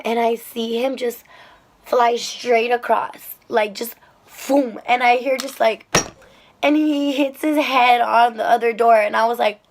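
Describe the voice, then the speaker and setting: A young woman telling a rideshare-driving story to the camera in a chatty, animated way, with lots of fillers and swearing. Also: on the high side, vocal fry. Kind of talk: casual storytelling vlog.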